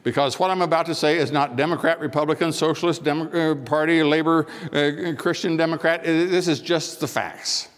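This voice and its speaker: An older American man giving a public speech, telling anecdotes, acting out dialogue and pausing for emphasis. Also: fairly high pitch, fairly even intonation. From United States. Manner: storytelling, acts out dialogue, measured pauses for emphasis. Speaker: speaker. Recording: long hall reverb.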